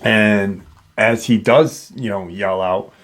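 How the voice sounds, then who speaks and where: A man narrates a strange encounter for his paranormal channel, pausing often and restarting his sentences. He speaks slowly, and his voice sits fairly low. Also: fairly even intonation, a bit bright. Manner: halting, with many fillers and restarts. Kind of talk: retelling a witness encounter.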